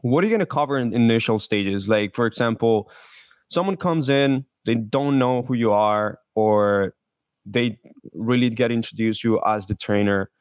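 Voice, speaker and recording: A man's voice: mid-range voice, normal speed, clear, resonant tone, no room sound, clean studio sound. A man hosting a podcast interview, asking long questions with frequent restarts. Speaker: podcast host. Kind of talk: casual interview.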